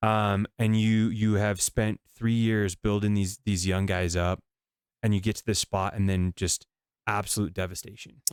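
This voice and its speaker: Smooth low-voiced male interviewer. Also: little pitch movement, moderate pace, dry recording, clean studio sound. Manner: supportive, frequent short affirmations. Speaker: podcast host, interviewer. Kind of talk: conversational interview.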